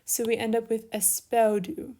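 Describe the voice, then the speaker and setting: A woman's voice: fairly high pitch, moderate pace. A young woman explains Greek verb forms one step at a time as she writes, with brief apologies along the way. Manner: steady, step-by-step explaining while writing, with small apologies. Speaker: Greek teacher. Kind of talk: online lesson walkthrough.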